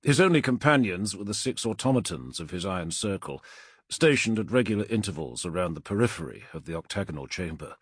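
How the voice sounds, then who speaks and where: A man reading an audiobook as narrator, with a dramatic, expressive delivery into a close studio mic. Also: deep voice, a little fast, breathy edge, dry recording.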